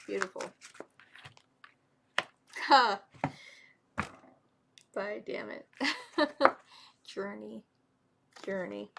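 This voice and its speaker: Slow, gravelly-voiced woman reading tarot. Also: mid-range voice. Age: 30s. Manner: chatty, emotional, talks to the cards and spirits. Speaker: tarot reader. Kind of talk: live-stream tarot reading. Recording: noisy home stream with card shuffling.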